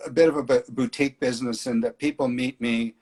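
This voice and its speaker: A man's voice: mid-range voice, fast. A middle-aged man organizing flying tours, chatting casually in an interview with many fillers. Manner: relaxed storyteller, hesitant fillers.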